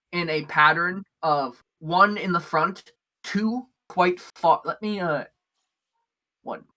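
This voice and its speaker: A man's voice: on the high side, bright, forceful tone. A man narrating a tabletop game as game master, describing the scene in a rambling way with many fillers.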